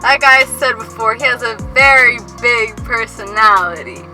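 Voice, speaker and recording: A woman's voice: a little high, normal speed, sharp tone, soft background music, poor audio. A woman of twenty co-hosting a couple's Q&A, giggly, filling her talk with "like". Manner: giggly, heavy use of "like". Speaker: co-host of couple's channel. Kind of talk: casual Q&A chat.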